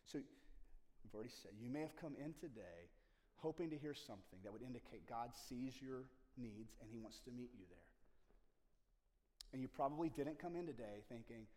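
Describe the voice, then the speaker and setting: Male pastor preaching, mid-pitched voice, moves between booming intensity and soft whispers, long church reverb. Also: lively intonation, moderate pace. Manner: swings from loud passionate rises to hushed near-whispers. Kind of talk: sermon. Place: church sanctuary. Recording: long reverb of a large room.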